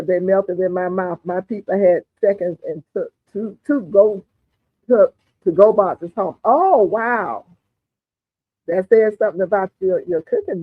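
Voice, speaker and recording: A woman's voice: medium pitch, slightly rough, no echo. A woman hosts a gardening livestream, chatting with viewers in a folksy way and calling them honey and darling. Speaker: gardening channel host. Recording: tinny phone-like audio, dry.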